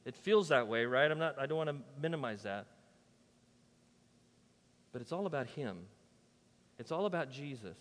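A man preaching a sermon as pastor, emphatic and conversational, swinging between loud declarations and soft, quiet asides. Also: medium pitch, lively intonation, moderate pace, long pauses, in a large hall. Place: church.

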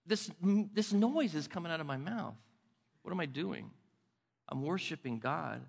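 Older man, pastor, sermon; bright, forceful delivery with chatty restarts; big reverberant church hall. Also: on the high side. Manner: conversational, restarts words, dips soft and slow for emphasis. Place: church sanctuary.

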